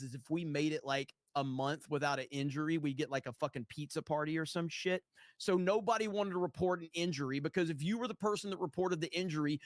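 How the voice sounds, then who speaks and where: A man's voice: a little high, no echo, clean studio sound. A man hosting a casual livestream, rambling and swearing freely as he reads chat messages aloud and tells stories. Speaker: streamer.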